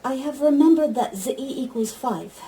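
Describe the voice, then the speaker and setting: A synthetic female voice of an AI assistant giving even, stilted spoken replies. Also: high-pitched, moderate pace, poor audio. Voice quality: even, stilted text-to-speech delivery.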